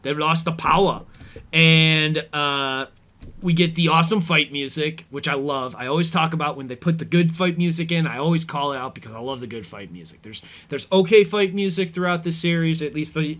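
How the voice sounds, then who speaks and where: A man's voice: on the high side, normal speed, a bit bright. Rambling man in casual commentary. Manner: rambling, filler-heavy, easygoing. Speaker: podcast host.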